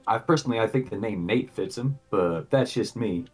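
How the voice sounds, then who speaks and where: A man's voice: lowish voice, fairly quick, breathy edge. A man playing a tabletop game, chatting in a laid-back way and murmuring often. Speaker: player. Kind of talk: casual chat.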